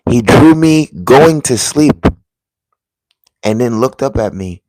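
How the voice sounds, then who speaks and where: A man earnestly telling viewers about a vivid dream in a casual, halting way, dropping to a hush at the tense parts. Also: medium pitch, lively intonation, no echo. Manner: earnest, halting, drops to a hushed voice at tense moments.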